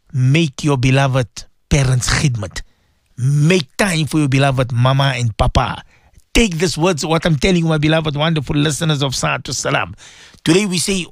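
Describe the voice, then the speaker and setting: A man's voice: a little high, unhurried, creaky, no room sound. A man hosting a morning radio show, talking in an emphatic, repetitive, preachy way. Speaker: radio host.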